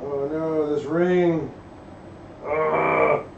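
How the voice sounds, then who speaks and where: A man's voice: on the high side, fairly even intonation, extremely slow, vocal fry, a little hiss or hum. A man hosting a casual live stream from his garage while working on an engine, reading chat aloud and rambling with trailing thoughts and restarts. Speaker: livestream host working on an engine. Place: home garage workshop. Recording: echoey garage, far from a dull mic.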